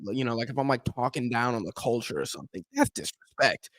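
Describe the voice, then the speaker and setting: A man's voice: mid-range voice, quick pace, dry recording. A young man hosting a football watch-along stream, chatting casually with his viewers and acting out what fans say about him. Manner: animated, talks to chat, acts out fans' complaints. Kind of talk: casual live-stream chat and match commentary.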